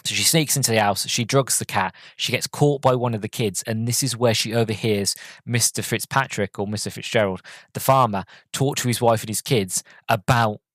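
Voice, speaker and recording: A man's voice: lowish voice, normal speed, a bit bright, dry recording. A young man hosting a podcast, casually retelling a film's plot with lots of fillers and self-corrections. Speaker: podcast host reviewing a film. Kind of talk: casual spoken film recap.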